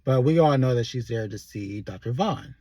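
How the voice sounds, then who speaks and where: Husky man recapping a TV episode. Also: mid-range voice, animated, normal speed, mellow, dry recording. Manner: retells scenes by voicing characters' lines loosely. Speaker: TV show reviewer. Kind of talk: casual recap commentary.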